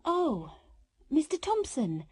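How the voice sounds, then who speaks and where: A woman voicing a hushed, worried young wife. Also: sits high, wildly swooping pitch, slow, pitched above the performer's own voice, exaggerated voice. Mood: concerned. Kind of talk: scripted textbook dialogue.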